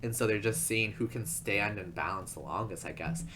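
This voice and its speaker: A man's voice: fairly low pitch, moderate pace, noisy background. A man narrating a casual video essay in a rambling, chatty way, full of asides.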